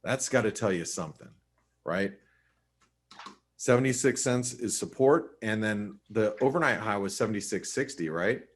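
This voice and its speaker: A man's voice: lowish voice, normal speed. A man hosting a live webinar, talking viewers through charts in a casual, chatty way, with frequent restarts and fillers. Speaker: host and market analyst.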